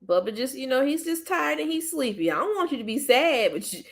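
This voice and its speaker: A woman hosting a casual livestream, gently coaxing and soothing a child, then chatting easily with her viewers. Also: sits high, sing-song, fairly quick. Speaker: livestream host and mother.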